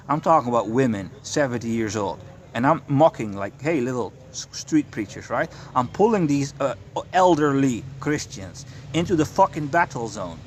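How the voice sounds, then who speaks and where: A man's voice: medium pitch, slight background noise. A man who calls himself a prophet, ranting in a monologue, swearing often and repeatedly insisting he is telling the truth. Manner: profane, emphatic, keeps insisting he is telling the truth. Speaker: self-described prophet and street preacher.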